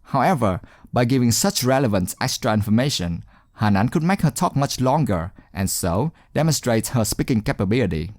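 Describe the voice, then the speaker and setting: A male teacher narrates a speaking lesson with an animated, rising and falling voice. He sounds encouraging and deliberate and leans on key words. His voice is close and dry, with no room around it. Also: mid-range voice, no echo. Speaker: English exam teacher. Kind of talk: scripted instructional narration.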